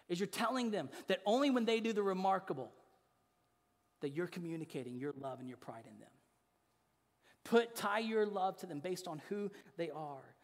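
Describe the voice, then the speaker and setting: High-voiced earnest man preaching in a reverberant hall. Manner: earnest and emphatic, repeats key phrases, drops soft and low for emphasis. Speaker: pastor. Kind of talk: sermon.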